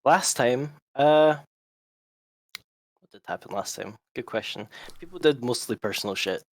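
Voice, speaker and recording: A man's voice: mid-range voice, expressive, unhurried, dry recording. A man leads a tabletop game as its game master, chatting casually between sessions of play. His humor is wry and dry, and his voice sounds close and dry with no room around it.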